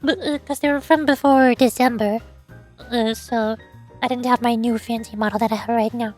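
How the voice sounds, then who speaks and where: A woman's voice: a little high, steady tone, moderate pace, a little mellow, soft background music. A young woman streamer chatting casually and rambling, giggling often and stumbling over her words.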